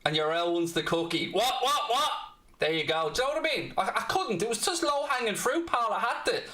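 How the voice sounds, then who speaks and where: A man's voice: sits high, big pitch swings, fast talker, bright, forceful tone. Blunt, cheeky Dublin Irish man. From Ireland, Dublin. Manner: blunt, cheeky, swears freely. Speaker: fan channel host. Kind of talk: football watchalong chat. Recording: roomy echo.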